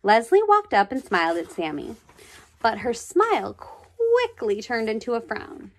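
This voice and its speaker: Expressive woman reading a storybook. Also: fairly high pitch, a little slow. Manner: expressive, chatty asides. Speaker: storybook reader. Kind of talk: reading a children's book aloud.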